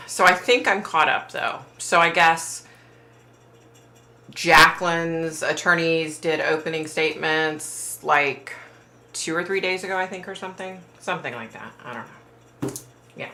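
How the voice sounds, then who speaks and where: Low-voiced woman hosting a chatty livestream. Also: unhurried, long pauses, pushed and bright. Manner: chatty and sympathetic, trailing off with fillers. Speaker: livestream host reading viewer chat. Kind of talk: casual live chat. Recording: roomy echo.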